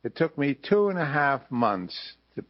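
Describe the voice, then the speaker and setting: An older man in an archival interview, telling lively anecdotes and acting out the people he quotes. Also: medium pitch, moderate pace, highs cut off. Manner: lively raconteur, acts out quoted voices. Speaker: interviewee recalling his radio career.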